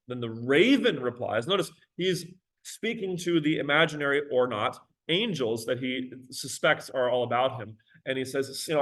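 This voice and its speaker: A man's voice: mid-range voice, lively intonation, normal speed, hardly any pauses, fairly bright tone, rough recording. A male teacher giving a recorded lecture on a poem, talking casually with many fillers and reading verse aloud with drama.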